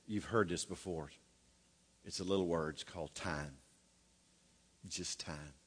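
A man's voice: low-pitched, measured pace, a bit bright, slightly rough. A middle-aged man preaching a sermon in a folksy way, with joking asides and rhetorical questions. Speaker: pastor.

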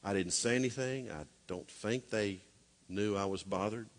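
A middle-aged man preaching a sermon, swinging from loud, urgent exhortation to hushed, intimate storytelling. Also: fairly low pitch, normal speed, big-room sound. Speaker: pastor.

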